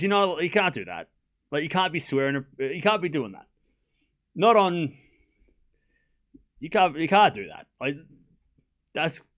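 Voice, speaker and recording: With a voice on the high side and a fairly bright tone, a young man hosts a tennis watchalong live. He calls the points, chats casually with viewers and responds to their questions between points.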